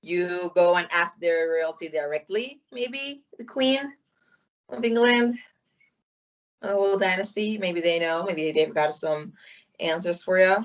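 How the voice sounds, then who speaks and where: A woman's voice: on the low side, unhurried, highs cut off. A woman co-hosting a podcast in casual chat, dry and teasing. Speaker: podcast co-host.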